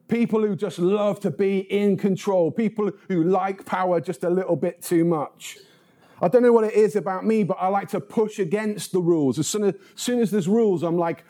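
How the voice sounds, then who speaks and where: A man's voice: sits high, mellow. A man preaching a sermon, reading scripture and then telling funny stories about himself. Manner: humorous storytelling.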